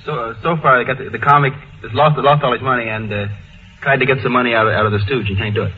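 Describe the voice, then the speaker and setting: Halting deadpan man on old radio. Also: medium pitch. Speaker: comedy writer on a panel. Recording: tinny old radio broadcast with hiss.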